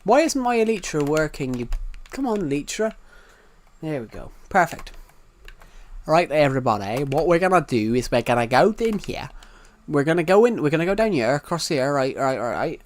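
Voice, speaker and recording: A man's voice: fairly high pitch, sing-song, normal speed. A young British man streaming a game live, rambling and repeating himself as he narrates each move. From United Kingdom. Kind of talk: live gameplay commentary.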